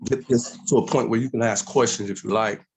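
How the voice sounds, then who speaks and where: Gravelly middle-aged man, animated storyteller, interview guest. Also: medium pitch, a little fast, slight background noise. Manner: animated storytelling, acts out voices in quotes.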